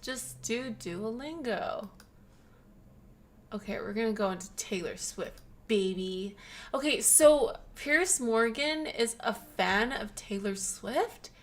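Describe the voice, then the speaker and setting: A woman hosting a casual chat, reacting with exclamations and quick opinions. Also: on the high side. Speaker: podcast host.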